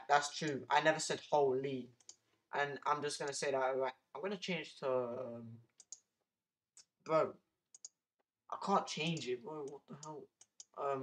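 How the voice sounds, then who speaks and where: A man's voice: medium pitch, rough recording. Rambling young man streaming, keys clicking. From United Kingdom. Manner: rambling, with lots of restarts and exclamations. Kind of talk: casual live-stream chat.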